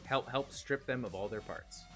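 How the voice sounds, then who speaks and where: A man's voice: medium pitch, moderate pace, bright, forceful tone, soft background music. A man narrating as game master, with many fillers and restarts.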